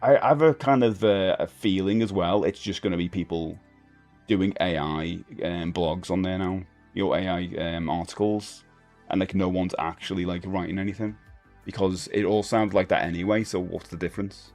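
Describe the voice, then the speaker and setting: Rambling man, low voice. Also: steady tone, moderate pace, darkish tone. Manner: chatty, rambling, self-deprecating with frequent fillers. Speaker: livestream host. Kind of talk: casual chat with viewers. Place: home streaming room. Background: faint music.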